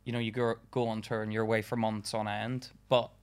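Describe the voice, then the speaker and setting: A man's voice: on the low side, little pitch movement, fairly quick. A young man from England, a stand-up comedian guest chatting casually on a podcast, laughing often and swearing as he rambles through stories.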